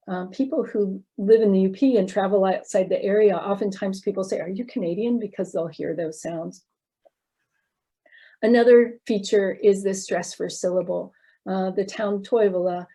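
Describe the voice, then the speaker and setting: A woman's voice: mid-range voice, dark tone. A woman giving a slide presentation lecture, explaining steadily with frequent ums and uhs. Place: recorded online talk.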